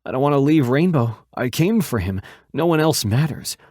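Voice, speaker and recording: A male narrator voicing a young woman firefighter who speaks directly and briskly, a little higher than his narration. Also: animated, darkish tone, no room sound, clean studio sound, close to an everyday voice.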